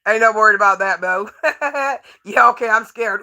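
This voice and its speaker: A woman's voice: medium pitch, normal speed, sharp tone. A woman livestreaming, talking casually to her chat in a brash, profane and taunting way, laughing often as she talks.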